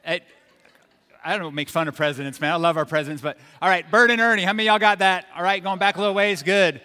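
A man's voice: high-pitched, fast talker, sharp tone, clear, resonant tone. A man preaching a sermon as pastor, conversational and joking, pressing his points with emphasis. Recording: long hall reverb.

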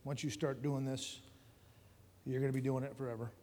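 A man voicing his worried, firm young wife in a hushed, pleading tone during a sermon story. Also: mid-range voice, flat delivery, normal speed, natural voice. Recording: long hall reverb.

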